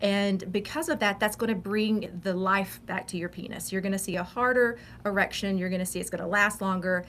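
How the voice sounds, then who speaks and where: A woman's voice: medium pitch, fairly even intonation, a little fast, few pauses, a bit bright, slight background noise. A woman with a Texan accent, a sex coach talking frankly and confidently as a guest on a casual show. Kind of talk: casual interview talk.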